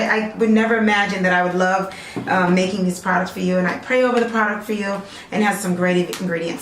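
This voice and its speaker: In an echoey room with slight background noise, a natural hair vlogger promoting her own product line chats in a friendly, meandering way. Her voice is medium in pitch and a bit bright, and she keeps checking in with viewers using "okay?"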